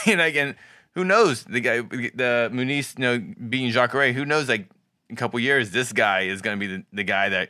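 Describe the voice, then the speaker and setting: A man's voice: medium pitch, moderate pace, no room sound, studio quality. A young man co-hosting a casual sports podcast, telling stories with laughs. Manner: laughing, animated storytelling. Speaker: podcast co-host.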